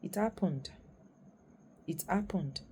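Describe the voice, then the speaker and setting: A woman's voice: fairly low pitch, animated, slow pace, dark tone, slight background noise. A Nigerian woman in her thirties with a Nigerian accent, giving impassioned commentary to camera as a vlogger and parent and repeating phrases for stress.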